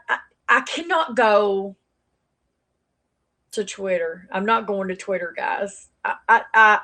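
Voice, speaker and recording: Animated woman live streamer, a touch high-pitched, rambly and chatty with viewers. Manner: animated, rambling with many fillers. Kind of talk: casual livestream chat to viewers. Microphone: plugged-in external mic on phone stream.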